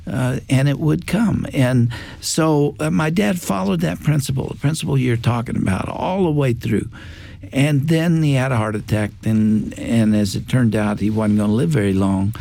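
An older man telling a family story in a reflective faith talk, with pauses and fillers. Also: medium pitch, vocal fry, mellow, no room sound. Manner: slow, reflective, with fillers and quoted dialogue. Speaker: guest.

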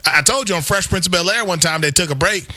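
A middle-aged man co-hosting a sports radio show, animated and self-deprecating in casual talk. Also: sits high, fast talker, no room sound.

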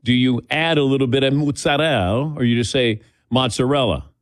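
A man's voice: mid-range voice, fairly quick, dry recording. A man hosting a sports talk show, chatting casually and correcting himself as he goes. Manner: rambling, self-correcting. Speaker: radio talk show host.

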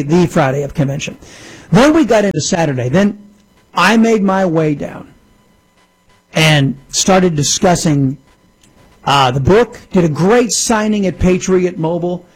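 A man's voice: fairly high pitch, breathy edge, low-quality recording. A man hosting casual political commentary, emphatic and repetitive, often calling his listeners folks. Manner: emphatic, repeats phrases, addresses folks.

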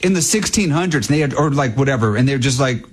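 Rambling co-host with a husky voice. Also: male voice, medium pitch, expressive, fast. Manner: rambling, restarts often, says like a lot. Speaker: radio co-host. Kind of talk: casual radio banter. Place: radio studio.

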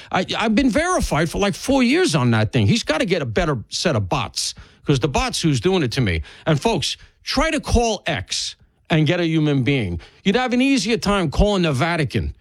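The fill-in talk radio host here is a man with a fairly high voice, sounding congested from allergies as he rambles with self-deprecating wit. It's a conversational monologue, recorded dry through a studio broadcast microphone.

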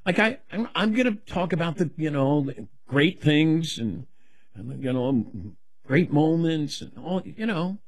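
A middle-aged man taking questions as a guest, rambling in a self-deprecating, animated way. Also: a little high, a little slow, dry recording. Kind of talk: casual rambling chat.

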